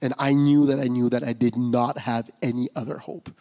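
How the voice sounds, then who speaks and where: Candid pastor in reverberant hall. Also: male voice, mid-range voice, flat delivery, moderate pace, hardly any pauses, dark tone. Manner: candid, conversational, many fillers and restarts. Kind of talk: personal testimony sermon. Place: church sanctuary. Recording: long reverb of a large hall.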